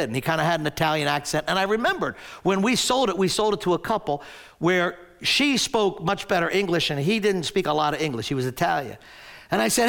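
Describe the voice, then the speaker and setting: A man's voice: high-pitched, lively intonation, brisk, vocal fry, fairly bright tone. A man in his sixties preaching a sermon as a pastor, telling a story animatedly and often stumbling over restarts.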